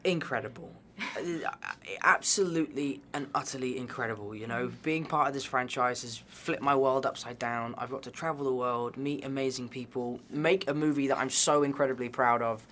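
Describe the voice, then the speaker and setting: A man's voice: mid-range voice, fairly even intonation, normal speed, sharp tone, a little hiss or hum. A man from England with a Southwest London accent, an actor guest answering press interview questions in an upbeat, easygoing way. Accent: Southwest London English.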